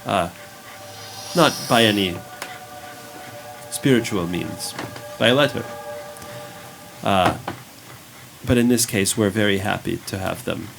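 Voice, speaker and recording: A man's voice: on the low side, slow, creaky, pauses often, over music, poor audio. A man voicing a kindly elderly village priest who speaks graciously and formally, in a tabletop role-play.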